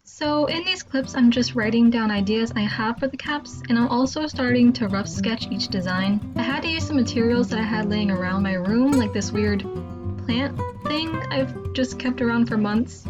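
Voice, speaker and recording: A young woman with a slightly high voice talks through her craft vlog in a chatty, self-mocking way, worn out from a night without sleep. Clear music plays underneath. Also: normal speed, dull audio. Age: young adult. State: tired from no sleep. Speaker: vlogger. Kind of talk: casual vlog and voice-over narration.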